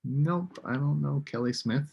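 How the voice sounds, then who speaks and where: A man's voice: medium pitch, a little slow, creaky, husky, highs cut off. A man teaching a live online English lesson, patiently modeling words for students to repeat.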